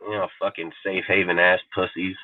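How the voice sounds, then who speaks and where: A man's voice: deep voice, little pitch movement, a little fast, narrow, tinny audio, noisy background. A man hosting a live fan show, ranting aggressively in casual talk and swearing constantly. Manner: aggressive, heavy swearing, mimics people mockingly. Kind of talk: profane casual rant.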